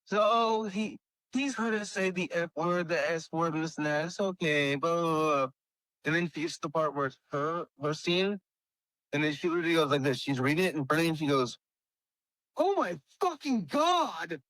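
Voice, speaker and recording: On poor-quality audio without echo, this podcast host speaks briskly in a steady, fairly bright and somewhat high voice. His casual chat wanders from story to story, padded with plenty of fillers.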